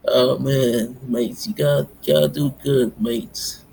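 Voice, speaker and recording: A man rambling in a monologue, tacking "mates" onto nearly every phrase in a halting, repetitive delivery. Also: medium pitch, steady tone, creaky, a little mellow, slight background noise. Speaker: self-styled pastor vlogger.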